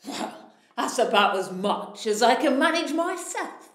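A woman doing a loud blustering giant. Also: sits high, sing-song, a little slow, voice pushed up, heavily acted. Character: huge boastful slow-witted male giant. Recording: echoey room.

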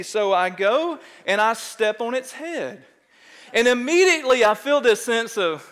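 A middle-aged pastor with a Texan accent, preaching a sermon and telling a self-mocking story in an animated way, often checking in with "right?". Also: male voice, extremely high pitch, unhurried. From Texas. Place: large church sanctuary. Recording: long church hall reverb.

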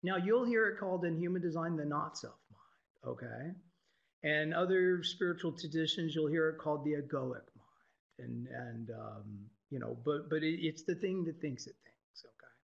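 A teacher gives an informal, irreverent spiritual talk to a group, swearing freely and laughing often. His voice is a little high and creaky, his speed normal, and the recording sounds dull and lo-fi.

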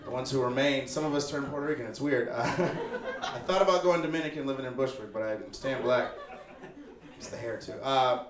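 A man's voice: mid-range voice, brisk, a crowd in the background. A young man from Chicago doing a laid-back, wry stand-up set, acting out the people he talks about. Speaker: stand-up comedian. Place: small apartment living room with a live audience. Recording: roomy live recording with audience laughter.

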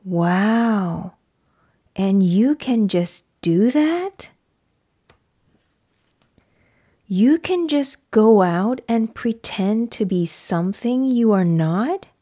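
A woman's voice: mid-range voice, lively intonation, slow, warm tone. A woman voicing a cautious, worried male elephant who keeps asking puzzled questions, in a children's picture book read-aloud.

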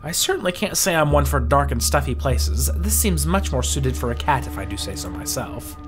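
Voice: mid-range voice, expressive, normal speed, faint music behind, lightly acted. A game reader voicing a prim, haughty talking cat who speaks in a formal, pompous way.

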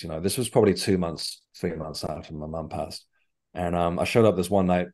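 Deep-voiced Englishman telling a story. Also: fairly quick. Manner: rambling, animated storyteller. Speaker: guest, medium and author. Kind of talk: casual interview chat.

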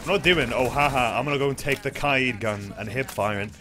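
A young man giving live, excitable commentary while playing a shooter game, swearing and laughing often. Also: medium pitch, brisk, faint music behind. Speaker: streamer.

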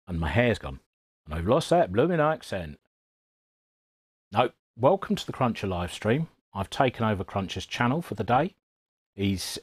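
A man with a lowish voice jokes and teases his way through a casual live stream from a radio repair workshop. The sound is dry and close. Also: slightly rough, no room sound. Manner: joking, teasing banter. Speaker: guest presenter of a live stream.

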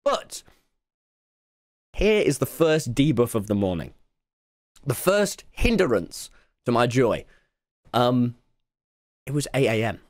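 A British man streaming, telling a story to his chat in an excitable, laughing way that breaks into shouts. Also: mid-range voice, takes it slowly, pauses often, dry recording, clean studio sound.

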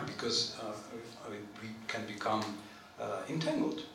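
Lively male lecturer in an echoey hall. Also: fairly low pitch, a little slow, distant mic. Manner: animated, chatty, asks the audience questions; clears his throat often. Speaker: lecturer on scripture. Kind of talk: informal scripture lecture to a live group. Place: temple hall. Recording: very echoey hall, voice from off-mic, faint noise.

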